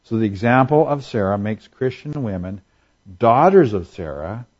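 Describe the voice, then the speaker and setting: A man's voice: lowish voice, expressive, normal speed, breathy edge, highs cut off. A man preaching a sermon in a conversational way, asking rhetorical questions and acting out quotes for humor. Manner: acts out quotes in voices for humor. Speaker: pastor.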